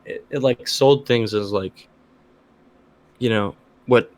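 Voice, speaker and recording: A man's voice: mid-range voice, slow, a little mellow, no echo. A man co-hosting a podcast, chatting casually and reacting with laid-back, profane remarks. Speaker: podcast co-host. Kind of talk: casual chat.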